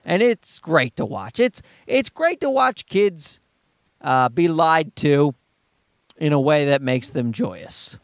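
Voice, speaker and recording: Animated, high-voiced man ranting casually. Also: slow, dry recording. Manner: profane, rambling storyteller who acts out quoted people in a high voice. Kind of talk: casual comedic monologue.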